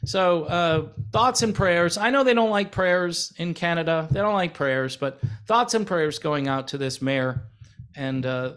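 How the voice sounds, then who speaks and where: Us guy ranting on his vlog, kinda high voice, sarcastic, lots of uhs. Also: a little slow, a bit bright, smooth. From United States. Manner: sarcastic, rambling with many fillers. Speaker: channel host. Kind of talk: casual commentary vlog.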